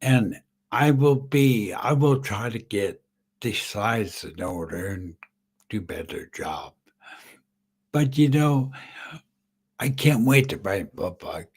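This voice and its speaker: A middle-aged man hosting a live podcast, halting and choked up as he tells his own story through tears. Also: on the low side, lively intonation, husky. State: tearful. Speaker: podcast host. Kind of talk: live-streamed personal story.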